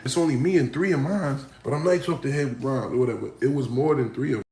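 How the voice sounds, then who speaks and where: A man from Harlem, hosting a phone livestream from home and telling a story in an animated, profane way that swings from loud to hushed. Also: mid-range voice, fast, a little hiss or hum. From Harlem, New York.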